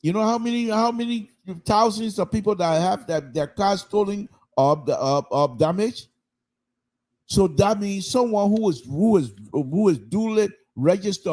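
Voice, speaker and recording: A man, commenting on public radio through animated anecdotes and repeated phrases for emphasis. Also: on the high side. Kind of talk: call-in style public affairs talk.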